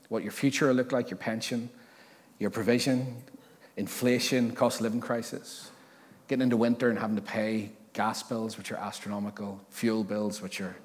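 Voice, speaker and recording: A male pastor delivers a sermon at an ordinary middle pitch, conversational and full of jokey asides and self-corrections. He thinks aloud, restarting and repeating words, and each line trails off into the long reverb of a church hall.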